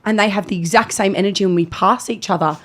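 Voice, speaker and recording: Brief: young woman, jokey co-host, casual and sweary, mid-pitched voice. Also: fast talker, a bit bright. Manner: joking, swears freely. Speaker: podcast co-host. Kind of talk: casual chat.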